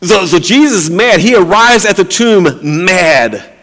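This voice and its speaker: A man's voice: sits high, lively intonation, a little slow, a bit bright, long reverb tail. A man preaching a conversational sermon, often repeating and restarting his words and acting out the lines he quotes. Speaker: pastor.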